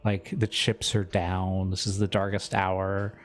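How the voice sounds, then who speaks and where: A man with a fairly low voice chatting as a player at a tabletop game. He jokes and rambles, restarting his sentences as he goes. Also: completely flat delivery, measured pace. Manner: chatty, joking, restarts often. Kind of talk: casual tabletop play chat.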